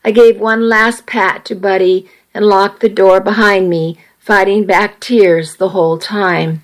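A woman reading a first-person romance story aloud in a steady, measured way. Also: medium pitch, poor audio.

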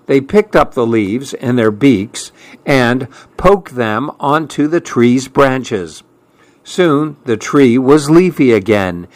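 A man reading a children's storybook aloud in a gentle, unhurried, expressive way. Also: medium pitch.

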